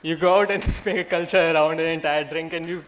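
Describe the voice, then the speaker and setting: Upbeat Indian man giving a lively talk. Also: a little high, quick pace. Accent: Indian English. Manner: conversational and self-mocking, laughs often, builds to loud emphatic lines. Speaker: speaker addressing new law students. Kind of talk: humorous motivational talk.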